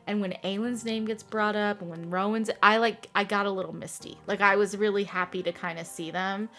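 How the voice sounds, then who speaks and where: A young adult woman hosting a casual book podcast. She talks in an animated way, laughs often and acts out scenes as she tells them. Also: mid-range voice, brisk, faint music behind. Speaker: podcast host. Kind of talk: casual chat about books.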